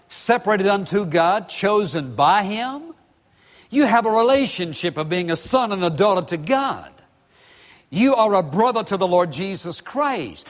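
A man preaching a sermon as pastor, stressing his points with repeated, listed words. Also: high voice. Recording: long hall reverb.

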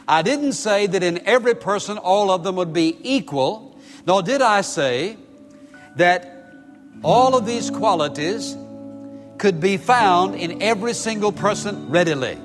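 A man preaching a sermon as pastor, stressing his points with repeated, listed words. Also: high voice. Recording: long hall reverb.

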